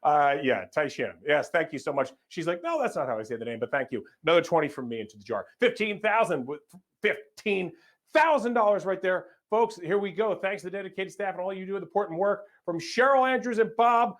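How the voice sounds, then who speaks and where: A man's high-pitched voice drives a live fundraising appeal. He announces gifts in an energetic, upbeat stream and trips over the odd name as he thanks each donor. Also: a little fast. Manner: stumbles over names. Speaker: fundraiser emcee.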